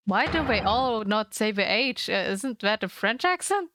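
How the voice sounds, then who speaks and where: A woman's voice: mid-range voice, animated, normal speed, few pauses, noisy background. A woman streamer making offhand, musing asides while playing a story game. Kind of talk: casual game commentary. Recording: game music underneath.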